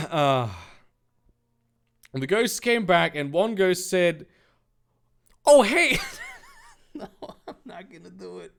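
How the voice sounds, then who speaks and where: A man's voice: high-pitched, animated, slow pace, vocal fry, long pauses, a bit bright. A man reading fanfiction aloud, breaking off into sarcastic, incredulous, swearing commentary.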